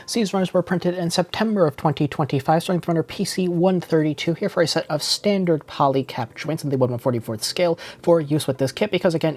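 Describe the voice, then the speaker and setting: A man's voice: on the high side, a little mellow. A man reviewing a model kit in a casual unboxing walkthrough, methodically listing parts one by one with small hedges.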